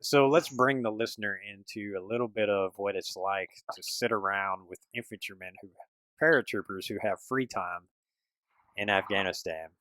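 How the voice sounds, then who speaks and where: A man's voice: lowish voice, moderate pace, fairly bright tone, dry recording, poor audio. A middle-aged man hosting a podcast, casual and loose, with many restarts and slang. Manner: loose, laid-back with many restarts and "dude". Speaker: podcast host. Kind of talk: casual chat.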